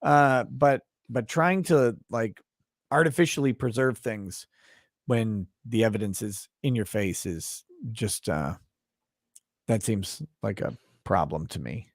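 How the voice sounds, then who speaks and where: A man hosting a livestream, chatting casually with a guest and reading viewer comments aloud with many halting restarts. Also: fairly low pitch, dry recording, clean studio sound. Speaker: livestream host.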